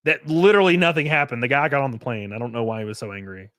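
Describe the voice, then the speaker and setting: A man's voice: mid-range voice, rapid-fire, a bit bright, dry recording. A man hosting his livestream, ranting casually and profanely while mimicking people in mocking voices. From United States. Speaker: streamer host.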